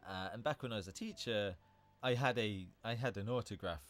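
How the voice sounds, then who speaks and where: A man with a fairly low voice talks through vocabulary on a casual livestream. He is chatty and loose, and he stops to correct himself. Soft music plays faintly behind him. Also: fairly quick. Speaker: livestream host teaching English vocabulary.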